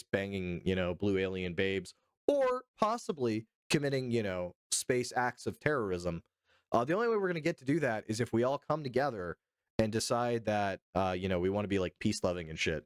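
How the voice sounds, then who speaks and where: Lowish smooth voice, american dude streaming, cussing and joking with chat, dry close sound. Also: male voice, no echo. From United States. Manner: profane, joking, answers chat. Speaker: live streamer. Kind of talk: casual live-stream chat.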